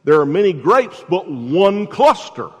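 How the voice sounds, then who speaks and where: A man pastor delivering a sermon, asking the congregation questions and dropping from loud emphasis to hushed tones. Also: sits high, big pitch swings, unhurried, slightly rough, dull audio. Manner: preaching with rhetorical questions, swings from loud to hushed. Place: church sanctuary. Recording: long reverb in a large hall.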